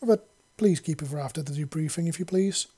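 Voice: mid-range voice, warm tone, slightly rough, close to an everyday voice. A narrator doing a commanding, teasing alien chief. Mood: commanding, amused. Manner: brisk, dryly teasing orders. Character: gruff commanding male alien leader.

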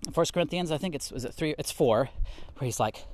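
A man teaching from the Bible in an animated way, a little out of breath as he walks and talks. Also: fairly high pitch, fast. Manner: animated, reads and explains scripture; talks while walking vigorously.

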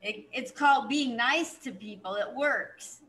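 A woman's voice: on the high side, unhurried, a bit bright, low-quality recording. A woman hosting a casual comedy podcast interview, reacting with short interjections. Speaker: podcast host.

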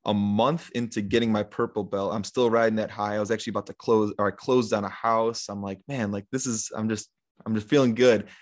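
A man's voice: on the low side, brisk. Laid-back young man telling a story. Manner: relaxed, rambling, many fillers and retold quotes. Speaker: podcast guest. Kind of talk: casual storytelling in an interview.

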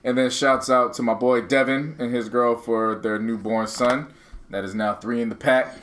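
Laid back guy cohosting, shout outs, dry one-liners, mid voice. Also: mid-range voice, fairly even intonation, moderate pace, slight background noise. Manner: easygoing, gives shout-outs, dry short remarks. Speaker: podcast co-host. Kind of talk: casual podcast chat.

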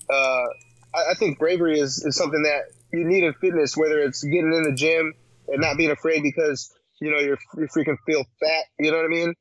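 A man's voice: fairly high pitch, fairly bright tone, no echo. Slangy rambling man, dull dry sound. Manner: rambling, slangy, with many fillers and restarts. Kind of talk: casual chat.

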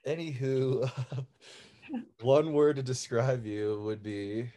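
A man interviewing a guest, asking rambling, halting questions with many fillers. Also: mid-range voice, fairly even intonation, warm tone. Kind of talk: casual interview.

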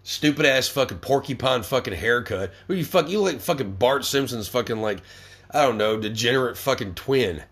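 Expressive and medium-pitched, with a fairly bright, breathy edge, this young host talks at normal speed. His podcast monologue is an angry rant, thick with swearing and stammered restarts.

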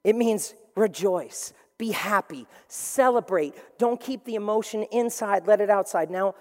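A man preaching a sermon as pastor, animated and playful, acting out little voices and asides. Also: high-pitched, unhurried. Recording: long reverb of a large hall.

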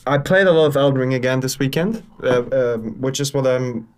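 A man's voice: mid-range voice, a little fast, clean tone. A man co-hosting a casual gaming podcast, talking with many fillers and restarts. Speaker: podcast co-host.

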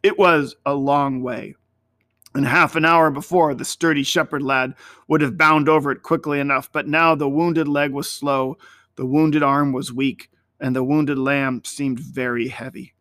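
A man reading a story aloud in a measured, expressive storytelling manner. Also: mid-range voice, no room sound.

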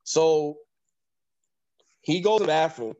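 A man recounts a story in loose, profane slang, laughing as he goes. His voice sits a little high. The recording sounds dull and lo-fi. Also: expressive, takes it slowly, warm tone. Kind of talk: casual storytelling.

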